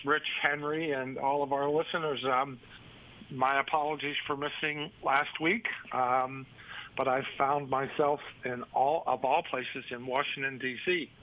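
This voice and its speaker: A man telling a story on a radio show in a measured, halting way with many ums. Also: mid-range voice, steady tone, bright, forceful tone, low-quality recording. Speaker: regular radio guest.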